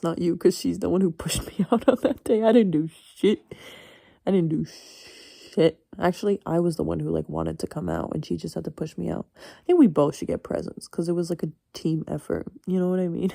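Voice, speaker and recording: A young woman of eighteen chats alone late at night, rambling and blunt, with plenty of swearing and small laughs. Her voice sits fairly low with a heavy vocal fry and a very mellow, dark tone. The sound is dry and close, with no room around it. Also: no room sound. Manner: rambling, frank, swears freely, chuckles often. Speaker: university student. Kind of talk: casual late-night solo chat.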